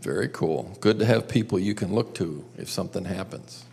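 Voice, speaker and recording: A man's voice: low-pitched, normal speed, creaky, darkish tone, husky. A man telling a story to a group and drawing lessons from it, coaxing them with questions. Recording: long hall reverb.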